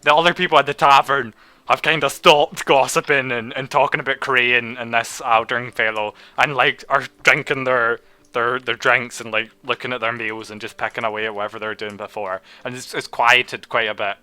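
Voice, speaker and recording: A man's voice: medium pitch, steady tone, pushed and bright, clear, resonant tone, no room sound. A man game master narrating a tabletop game in a rambling way over voice chat. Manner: rambling, halting narration with restarts. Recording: voice chat over background music.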